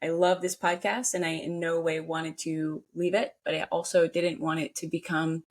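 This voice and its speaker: A woman's voice: low-pitched, flat delivery, moderate pace. A woman co-hosting a podcast, chatting casually and earnestly, often restarting her sentences. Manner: warm, earnest, stumbles and restarts. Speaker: podcast co-host. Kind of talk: casual chat.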